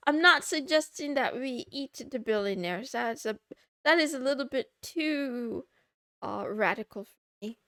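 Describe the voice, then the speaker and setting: High, lively, giggly woman streamer. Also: a little slow, dry recording, clean studio sound. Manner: giggly, self-mocking, reads chat aloud. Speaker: VTuber streamer. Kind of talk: casual live-stream chat.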